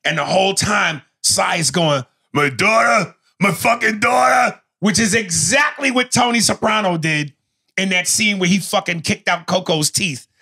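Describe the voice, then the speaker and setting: A man co-hosting a podcast, excitedly retelling TV scenes in casual, profane chat. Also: high-pitched, normal speed, breathy edge. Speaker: podcast co-host.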